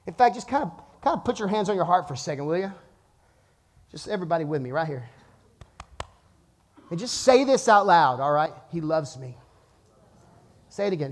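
A pastor in his thirties preaching to his church, telling a lively story and then dropping to a hushed, earnest tone. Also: a little high, brisk, pauses often. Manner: animated storytelling, swings from loud to hushed. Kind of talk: sermon. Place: church auditorium.

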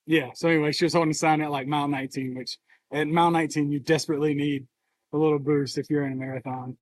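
A man co-hosting a podcast who talks in a reflective, halting way and is emotional and near tears. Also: fairly high pitch, little pitch movement, dry recording, rough recording. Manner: reflective, halting, open about feelings. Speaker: podcast co-host. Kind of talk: casual podcast conversation.

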